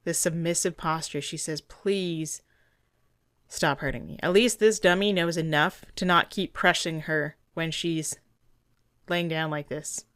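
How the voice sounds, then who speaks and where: A woman's voice: low voice, steady tone, a little slow, fairly bright tone, clean tone, no echo, studio quality. A woman dog trainer giving earnest, indignant commentary over a training video, often restarting her sentences.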